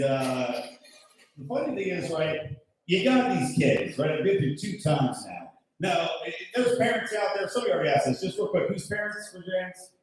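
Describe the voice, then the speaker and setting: A man in his thirties doing loud, brash stand-up comedy, working the crowd and swearing freely. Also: on the high side, distant mic. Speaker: stand-up comedian hosting the show. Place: comedy show in a golf club venue. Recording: echoey room, mic heard from afar.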